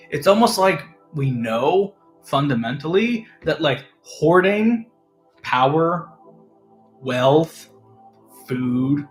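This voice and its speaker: A man ranting in a casual, sarcastic, profane monologue as an online commentator. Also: a little high. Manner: sarcastic, profane, swings between loud and mumbled. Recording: echoey room, faint music.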